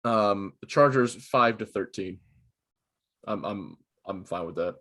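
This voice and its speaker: A young man with a lowish voice, speaking over a video call. He moves steadily through a list, dropping fillers between items, in an easygoing chat. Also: measured pace, a bit bright. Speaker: podcast co-host. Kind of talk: casual chat.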